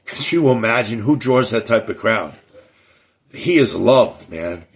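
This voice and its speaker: A man's voice: medium pitch, animated, a little slow. A middle-aged man hosting his own show, talking casually in a rambling way, with many restarts and repeated words. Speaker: show host. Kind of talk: casual monologue.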